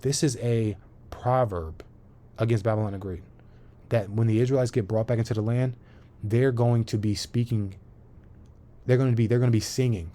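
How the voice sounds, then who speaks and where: A Bible teacher reads verses aloud in an online scripture lesson, often restarting phrases and checking in with "right?" His voice is mid-range and mellow.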